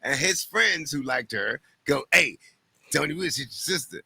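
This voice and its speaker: Male comedian guest, high lively delivery, gravelly, storytelling with shouted bursts. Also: measured pace, noisy background. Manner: loud, swings from mutters to shouted punchlines. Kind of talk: animated storytelling.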